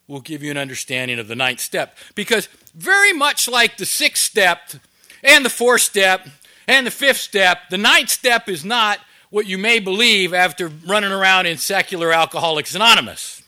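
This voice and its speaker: A man's voice: sits high, sharp tone. A middle-aged man telling a story in a sermon to a recovery group, acting out the dialogue. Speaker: recovery ministry teacher.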